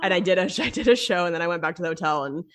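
Low-voiced chatty woman comedian. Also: racing, slight background noise. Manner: chatty, rambling with fillers. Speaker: podcast co-host, comedian. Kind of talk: casual chat.

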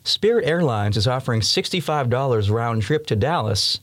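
A young man in his early twenties tells stories as a podcast guest, with a voice of ordinary pitch. He talks in a lively way and laughs now and then. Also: moderate pace. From Massachusetts, USA. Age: 20s. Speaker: podcast guest, student storm chaser. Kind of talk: storytelling in an interview.

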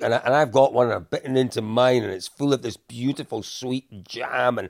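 An older man, telling lively anecdotes in a casual podcast chat, often laughing and repeating himself. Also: medium pitch, fairly quick, creaky, no echo, studio quality. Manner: animated anecdotes with frequent laughs and repetitions. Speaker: podcast co-host.

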